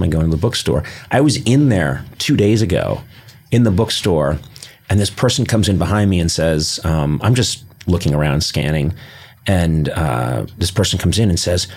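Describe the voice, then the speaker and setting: A man's voice: low-pitched, darkish tone, slightly rough. A man hosting a podcast from his studio, chatting casually and rambling with frequent laughter. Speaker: podcast host. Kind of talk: casual interview chat.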